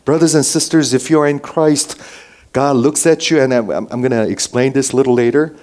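Male preacher at church, average pitch, gets loud then goes to a whisper, keeps asking okay. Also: fairly quick. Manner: swings between raised emphasis and hushed near-whispers; checks in with the listeners with frequent "okay?". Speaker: pastor. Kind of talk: sermon. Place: church before a congregation.

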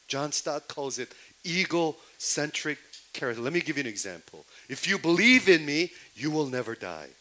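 A man's voice: a little high, poor audio. A man preaching a sermon who keeps questioning his listeners and repeats himself, his voice climbing when he quotes scripture. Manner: questions the audience again and again, rising loud on quoted lines.

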